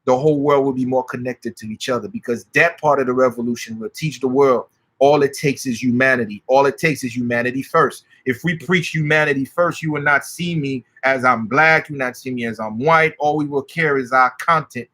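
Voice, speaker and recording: A man telling stories as a spiritual practitioner, excitable and swearing freely. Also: mid-range voice, fairly quick. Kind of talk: animated storytelling.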